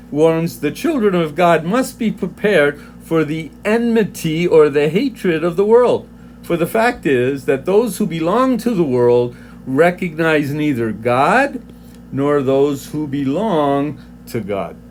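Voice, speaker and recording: A man leads a devotional Bible study, reading commentary passages aloud and unpacking them at a very unhurried pace. His voice sits a little high for a man, and he often restarts phrases as he works through the text. A faint hiss runs underneath. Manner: slow, deliberate, reads from commentaries with frequent restarts. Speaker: Bible teacher.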